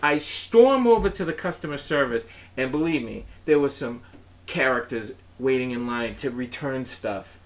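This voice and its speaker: A man hosting his own show, telling a comic story in an animated, exasperated way and acting out the people in it. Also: medium pitch, normal speed. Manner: animated, exasperated retelling with acted-out quotes. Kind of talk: comedic storytelling monologue.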